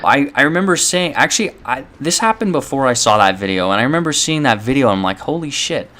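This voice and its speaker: A man's voice: medium pitch, lively intonation, quick pace, pushed and bright, a little hiss or hum. A young man telling a personal story to his viewers in a loose, rambling way, full of fillers and swearing. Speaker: channel host. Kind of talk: casual storytelling to camera.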